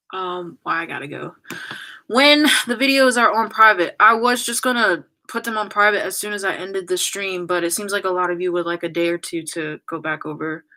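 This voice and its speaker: A young YouTuber says goodbye on a farewell livestream, casually chatting and reading comments while holding back tears. Her lowish, bright voice has a forceful tone as she apologizes and rambles with lots of fillers. The audio quality is poor.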